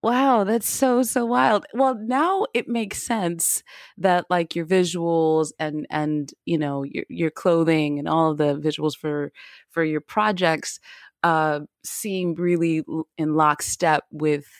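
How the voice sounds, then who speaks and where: Female interview host; lowish voice, dry close sound; rambling, filler-heavy, quick to laugh. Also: fairly even intonation, dry recording. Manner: halting, filler-heavy questions, laughs often. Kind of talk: casual interview conversation.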